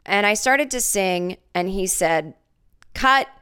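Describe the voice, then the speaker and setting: A woman's voice: mid-range voice, expressive, measured pace, fairly bright tone, clear, resonant tone. A woman in her forties hosting a solo comedy podcast, chatting and telling a made-up story with lots of acted-out voices. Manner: chatty, jokey, acts out voices in her stories. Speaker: podcast host.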